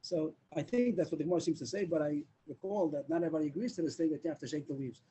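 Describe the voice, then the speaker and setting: Guy teaching talmud on a video call, fast, kinda husky, lots of hebrew words mixed in. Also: fairly high pitch, mellow, rough recording. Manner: explains slowly with restarts, mixes Hebrew and Aramaic terms. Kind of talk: daily Talmud lesson over video call.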